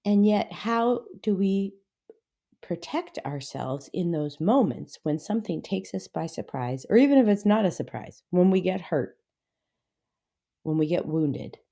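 A middle-aged woman hosting a Christian podcast tells a story in an unhurried, chatty, rambling way, full of "like" and "anyway." As she retells events she becomes animated and her voice climbs higher, all within devotional podcast talk.

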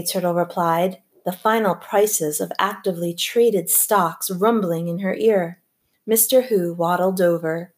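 A woman narrating a novel as an audiobook reader, with a measured, even storytelling delivery. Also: fairly low pitch. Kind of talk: scripted narration.

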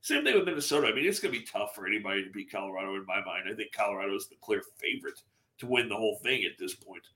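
A man co-hosting a sports podcast, giving agreeable, measured replies in casual talk. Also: fairly low pitch, animated, bright, forceful tone. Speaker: podcast co-host.

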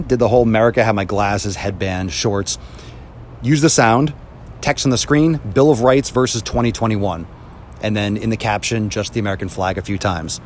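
A man in a heated, profane rant about his videos, recorded outdoors with faint traffic noise behind. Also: lowish voice. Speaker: social media creator. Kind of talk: angry ranting vlog.

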